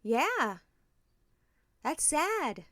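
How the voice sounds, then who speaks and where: A woman co-hosting a casual podcast chat, acting out stories with quick asides and plenty of swearing. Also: high-pitched, no room sound, clean studio sound. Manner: animated storytelling, acting out both sides of a date with quick whispered asides; swears freely. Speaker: podcast co-host.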